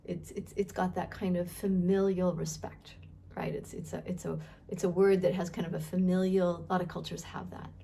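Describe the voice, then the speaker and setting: A woman's voice: lowish voice, little pitch movement, moderate pace, creaky, mellow, slight background noise. A woman giving a casual Bible teaching, thinking aloud with frequent restarts and repeated words, and asking her listeners questions. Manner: conversational, asks the listeners questions.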